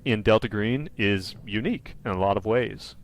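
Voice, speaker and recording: Animated man running a tabletop game. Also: on the low side, moderate pace. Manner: animated, laughing, trailing into quiet asides. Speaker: game master. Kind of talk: wrapping up a tabletop game session, casual chat.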